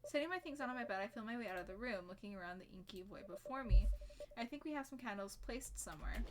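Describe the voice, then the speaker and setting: A woman's voice: a little high, lively intonation, noisy background. A woman streaming a visual novel, reading the game's text aloud in first person and breaking off for casual, sweary asides. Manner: casual, swears, quick asides between read lines. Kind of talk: let's-play commentary, reading game text aloud.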